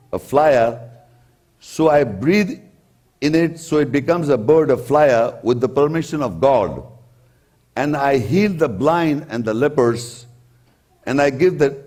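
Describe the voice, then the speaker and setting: Emphatic male preacher, slightly high voice. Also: warm tone. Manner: deliberate and emphatic, repeats key points. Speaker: Islamic preacher. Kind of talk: religious lecture explaining scripture.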